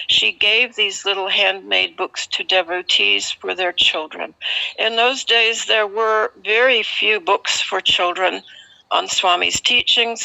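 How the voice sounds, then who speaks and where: A woman's voice: mid-range voice, gravelly, pushed and bright. A woman telling a personal story from her time at an ashram, in an earnest, vivid way with small fillers. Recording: slightly muffled recording.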